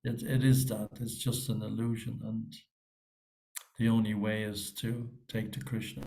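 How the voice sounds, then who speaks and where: A man's voice: fairly low pitch, level tone, a little slow, creaky, warm tone. A man giving a reflective scripture class online, talking loosely with many fillers and restarts. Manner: conversational, rambling, frequent fillers and restarts.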